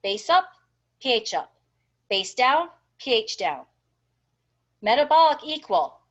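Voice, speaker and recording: A woman's voice: sits high, expressive, takes it slowly. A woman teaching a nursing class, encouraging and checking in with her students often. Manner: encouraging, checks in with frequent "okay?" and "right?". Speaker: nursing instructor. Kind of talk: recorded class lecture. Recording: dull lo-fi lecture recording.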